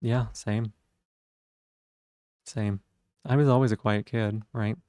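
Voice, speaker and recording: A man with vocal fry, musing thoughtfully in casual live-stream chat. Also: fairly low pitch, fairly even intonation, slow, darkish tone, no echo, studio quality. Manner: thoughtful, musing, self-reflective.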